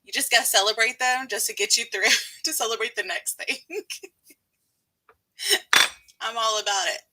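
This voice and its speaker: A woman's voice: fairly high pitch, moderate pace, pushed and bright, a little hiss or hum, rough recording. A woman with a light Southern US accent hosting a casual writing live stream, bubbly and laughing often.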